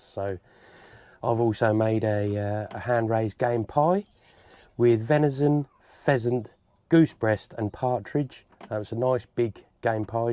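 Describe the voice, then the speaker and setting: Out on a country estate, a man who vlogs and handles gundogs talks casually to the camera, explaining what he's doing as he goes. His voice is medium in pitch and a little mellow.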